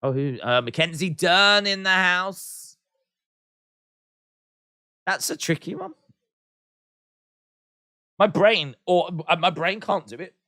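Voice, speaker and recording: A man's voice: sits high, takes it slowly, pauses often, sharp tone, dry recording, studio quality. A man hosting a live watch-along stream, chatting casually, reading out viewer comments and answering them with playful teasing humor. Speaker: livestream host.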